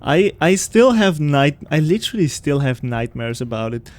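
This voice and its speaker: A man with a slightly high, slightly mellow and very animated voice chats casually while streaming a video game. He talks at a moderate pace, rambling and laughing often.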